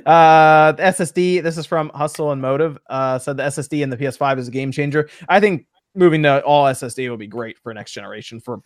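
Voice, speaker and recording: A man's voice: on the high side, dry recording, clean studio sound. A man hosting a casual gaming talk show, reading out viewer messages and giving his opinions. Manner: quick, upbeat, reads out chat questions.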